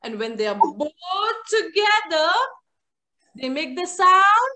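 Woman teacher, very high and sharp-toned, unhurried delivery, animated and coaxing with young kids on a video call. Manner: animated, coaxing, sing-song prompts to children. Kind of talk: online phonics class for young children.

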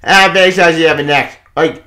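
A man giving a casual comic book review, excitable, swearing a lot and laughing often. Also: fairly high pitch, fairly quick, reverberant, a little hiss or hum.

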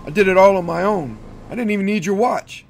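A man's voice: high-pitched, a little fast, creaky, darkish tone, a little hiss or hum. A man voicing a sick, weary old man facing death, speaking in a tired, subdued way. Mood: defiant.

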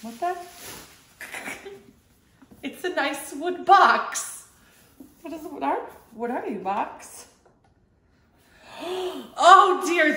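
A woman's voice: high voice, pushed and bright, roomy sound. A young woman with a Texan accent, chatting through a casual unboxing vlog, giggling often and swearing casually. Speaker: vlogger.

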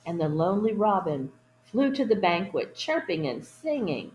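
A woman reading a children's picture book aloud at storytime, adding gentle asides to young listeners. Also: mid-range voice, big pitch swings, normal speed, roomy sound, rough recording. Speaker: storytime reader.

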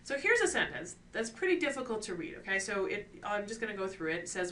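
A woman teaching an online course on scientific writing, explaining clearly and posing rhetorical questions to her students. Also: mid-range voice, sing-song, fast talker, hardly any pauses, sharp tone. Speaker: course instructor. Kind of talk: recorded lecture on scientific writing. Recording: distant mic with faint ambient noise.

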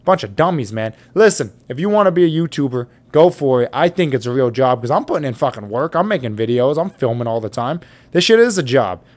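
A young man vlogging to a boom-armed mic with a pop filter, telling a story in a profane, exasperated rant. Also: expressive, a little fast, hardly any pauses. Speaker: YouTuber. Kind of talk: ranting storytime vlog. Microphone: studio mic on an arm with pop filter.

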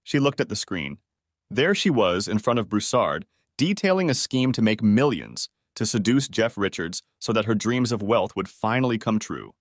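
A man narrating a dramatic story audiobook in a steady, low storytelling manner. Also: moderate pace, dry recording, clean studio sound.

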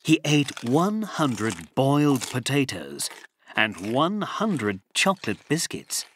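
A man narrating a children's storybook in an expressive, sing-song reading voice. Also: mid-range voice, slow pace, slight background noise.

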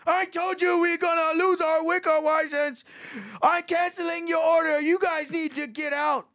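A man mimicking a big, flustered male diner waiter in a strained high shout. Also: slow, no echo, studio quality. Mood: indignant.

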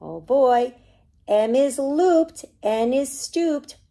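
A woman, a children's librarian, reading a picture book aloud to preschoolers with animated, singsong storytelling. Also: sits high, drawn-out words. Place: library program recorded for online viewing.

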